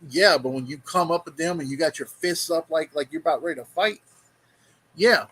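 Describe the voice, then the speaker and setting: Blunt husky man lecturing. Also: a little high, brisk, a bit bright, rough recording. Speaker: vlog host reacting to a video. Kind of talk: casual commentary.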